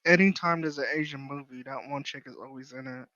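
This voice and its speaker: A man's voice: mid-range voice, fast talker, dull audio, crowd noise. A man joining a casual podcast chat, blunt and full of slang.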